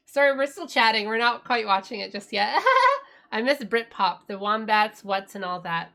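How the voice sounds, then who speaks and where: Bright-voiced British woman chatting on stream. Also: mid-range voice, a little slow, creaky. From Britain. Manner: chatty, giggly, lots of fillers. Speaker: music streamer. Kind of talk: casual live-stream chat.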